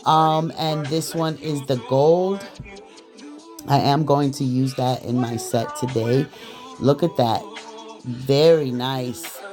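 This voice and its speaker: A man's voice: medium pitch, steady tone, slow pace, music in the background. A man chatting casually to viewers while walking through a nail tutorial. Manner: chatty, addresses viewers as "girl". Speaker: nail artist.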